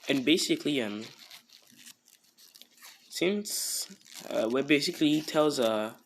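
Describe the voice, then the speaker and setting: A man's voice: a little high, lively intonation, takes it slowly, gravelly, slight background noise. A man casually improvising a fan story, rambling with many fillers like "you know" and "basically".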